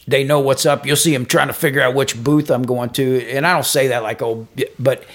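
A man, co-hosting a casual podcast and telling profane, animated stories. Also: mid-range voice, fairly quick. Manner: profane, animated storyteller who acts out shouted quotes. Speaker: podcast co-host. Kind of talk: casual storytelling chat.

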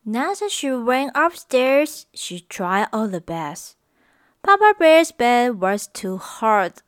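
A woman tells a children's story very slowly, her high voice rising and falling in a singsong way. The sound is close and dry, with no room echo. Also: clean tone. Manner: slow, expressive and singsong.

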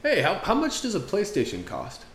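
A man voicing an excited young man in a short teaching skit, eager and excitable. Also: sits high, moderate pace, echoey room, slight background noise, pitched above the performer's own voice, full character voice.

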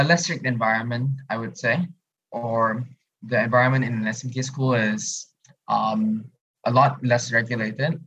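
A man, a student in a casual podcast discussion, thoughtful and pausing often with "um". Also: mid-range voice, a bit bright, dull audio. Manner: thoughtful, many "um" pauses.

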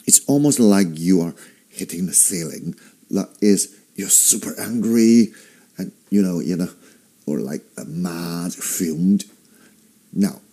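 A man hosting a casual language lesson, explaining slowly and deliberately with playful asides. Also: fairly low pitch, dark tone. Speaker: host teaching basic Chinese.

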